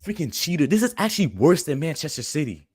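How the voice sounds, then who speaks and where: A man's voice: a little high, big pitch swings, fast, darkish tone, husky, no room sound. Fuming young man ranting, dry close mic. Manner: heated, repetitive, says "bro" constantly. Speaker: fan channel host. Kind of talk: angry live-stream rant.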